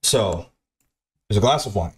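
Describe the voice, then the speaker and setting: A man's voice: lowish voice, lively intonation, a little slow. A man telling a long, rambling anecdote, repeating himself and swearing, often acting out what others said. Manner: repetitive, profane, restarts often, mimics others.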